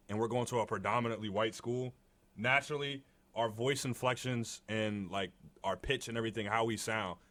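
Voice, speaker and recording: A young man co-hosting a podcast, talking in a relaxed, conversational way with a deep voice and lots of filler words. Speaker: podcast co-host. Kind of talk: casual chat.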